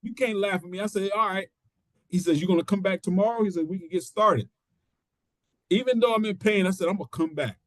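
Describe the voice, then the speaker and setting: A middle-aged man spins a story in a casual interview, slipping into the voices of the people he quotes. His voice sits fairly high for a man. The sound is dry and close, with no room around it. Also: brisk, dry recording. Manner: animated storyteller acting out quotes. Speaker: interview guest, pro wrestler. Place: studio.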